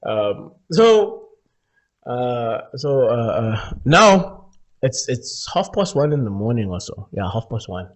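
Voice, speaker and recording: A man hosting a podcast, telling a story in casual chat, animated, laughing often and acting out voices. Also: medium pitch, slow. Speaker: podcast host.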